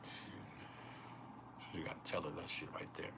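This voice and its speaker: A man's voice: extremely low pitch, level tone, moderate pace, creaky, heavy background noise. A man hosting a casual astrology livestream, joking and swearing often and laughing.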